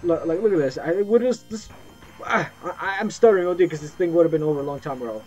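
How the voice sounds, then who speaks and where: A young man giving excited gameplay commentary, yelping and swearing as he plays. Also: on the high side, quick pace. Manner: excitable, yelps and swears at the game. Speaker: gameplay streamer. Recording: muffled lo-fi mic with game music.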